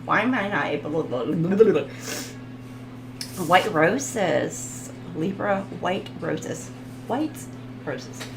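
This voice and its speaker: Slow, rambling woman reading tarot. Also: on the low side, animated, gravelly, echoey room, noisy background. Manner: giggly, rambling, reads card text aloud. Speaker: tarot reader. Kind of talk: casual tarot reading monologue.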